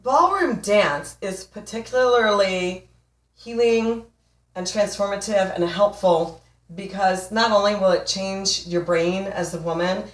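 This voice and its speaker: Brief: emphatic, playful woman in her forties coaching on love, slightly low voice, roomy. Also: far from the mic. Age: 40s. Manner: emphatic, playful, laughs often. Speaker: relationship coach. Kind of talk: motivational talk to camera. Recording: echoey room, voice off mic.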